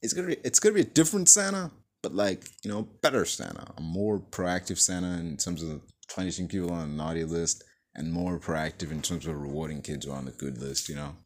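A man hosting a casual movie review, excitable and profane, with lots of "like" and "you know". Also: very deep voice, brisk.

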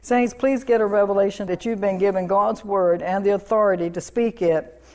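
A woman's voice: mid-range voice, fairly even intonation, moderate pace, warm tone. Fervent woman pastor preaching. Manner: fervent, declaring and commanding with repeated affirmations. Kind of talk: sermon.

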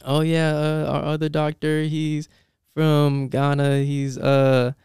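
Animated young man with a smooth voice. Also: fairly high pitch, slow pace, no room sound, studio quality. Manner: animated, laughing, many fillers and restarts. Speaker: guest, dental assistant. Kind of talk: casual storytelling interview.

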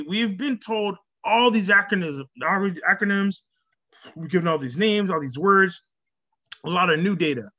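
A man talking casually to his viewers in an animated way, laughing often and repeating words as he goes. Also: a little high, lo-fi sound. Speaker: vlogger. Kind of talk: casual talk to camera.

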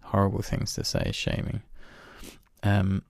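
A man's voice: lowish voice, monotone, measured pace, gravelly, darkish tone, dry recording, clean studio sound. A man talking in a casual, reflective monologue, candid and self-deprecating, swearing now and then and laughing at himself.

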